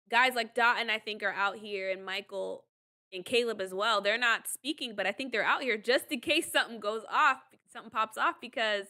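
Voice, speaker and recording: A woman's voice: medium pitch, bright, forceful tone. A woman giving a casual, chatty recap of a reality show, retelling scenes with many fillers. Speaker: commentary channel host.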